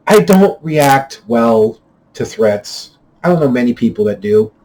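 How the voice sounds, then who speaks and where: A man telling a personal story in a rambling, casual way, stumbling and repeating words, getting louder and more heated at the tense parts. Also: expressive, unhurried, rough recording. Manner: grows louder and higher when retelling heated moments. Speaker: channel host.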